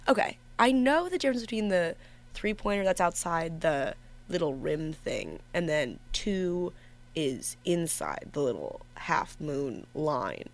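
A young woman hosts a college radio program from a studio, talking in a casual, rambling way that is punctuated by giggles and quick self-corrections. Her voice sits on the lower side for a woman. At moments her delivery turns a little monotone. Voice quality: somewhat monotone at times. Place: empty radio station studio.

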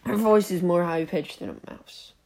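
A man's voice: high-pitched, normal speed, creaky, a little mellow. A young man hosting a podcast, telling a rambling story with frequent giggles and tangents. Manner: giggly, digressive, self-interrupting. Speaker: podcast host.

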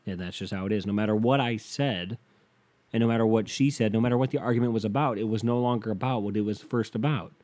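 A young man talks straight to the camera, his voice low-pitched and dark and mellow in tone. He rambles through a story in a loose, casual way, cursing freely and tripping over his sentences as he goes. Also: fast. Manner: rambling, profane, restarts a lot.

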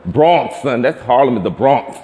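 Brief: New man, street comedian, teasing banter, swooping animated voice, noisy recording. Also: mid-range voice, normal speed. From Brooklyn, New York. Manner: joking, laughs often, loud teasing.

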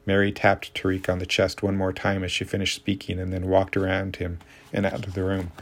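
A man narrating a story in a calm, steady reading voice. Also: sits low, fairly quick. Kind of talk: audiobook narration.

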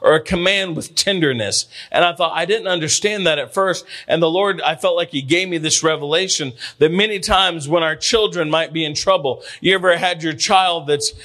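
A man's voice: fairly high pitch, moderate pace, hardly any pauses, pushed and bright. A man preaching a sermon in a church, emphatic and repetitive, drawing out words for stress and often calling out "come on" and "hallelujah". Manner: frequent interjections of "come on" and "hallelujah". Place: church sanctuary.

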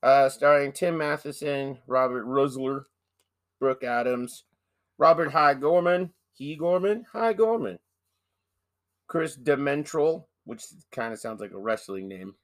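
A man's voice: mid-range voice, measured pace. Male podcast host, loose and jokey, ribbing his co-host. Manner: joking, playful banter with slang. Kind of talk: casual horror podcast chat.

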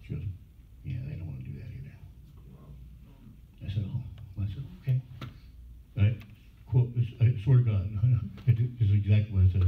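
A man's voice: medium pitch, wildly swooping pitch, moderate pace, long pauses. Blunt, profane man telling stories. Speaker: convention panel guest. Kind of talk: casual storytelling at a fan panel. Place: convention panel room. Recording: echoey far-off hall recording, phone-like and noisy.

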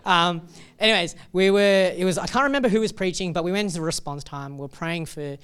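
Young pastor preaching casually. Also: male voice, high voice, a little fast, smooth. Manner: casual, joking preaching with lively reading of scripture. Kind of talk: sermon.

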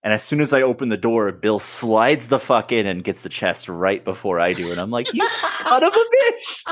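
A man's voice: on the low side, a little fast. A man in casual podcast banter, teasing his friends and laughing as he talks. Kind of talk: casual chat.

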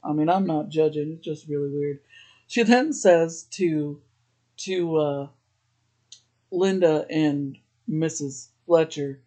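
A man's voice: fairly high pitch, takes it slowly, dark tone. A man hosting a podcast, casually recapping a TV episode, chatty, often laughing and using "like" a lot. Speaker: podcast host.

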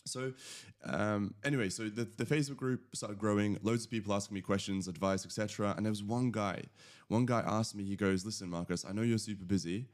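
British man, low voice, casual rambling storyteller, restarts and lively retellings. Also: fairly quick. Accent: British English. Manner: rambling, self-correcting, animated when retelling. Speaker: podcast guest, agency founder.

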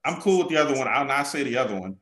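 A man's voice: medium pitch, rapid-fire. A man telling blunt, profane stories in a casual podcast chat. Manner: animated storytelling, blunt and profane. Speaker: podcast guest. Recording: roomy echo.

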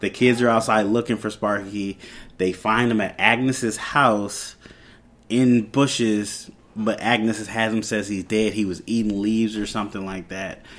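A man's voice: on the low side, steady tone, unhurried, fairly bright tone. Brief: young adult male podcast host, loose rambling episode recap, quotes characters' lines casually. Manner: retells scenes with quoted dialogue, loose and rambling.

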